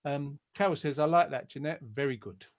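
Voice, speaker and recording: A man's voice: a little high, brisk. A man hosting a casual online show, joking and teasing while reading out viewer comments over a video call. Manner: teasing, jokey.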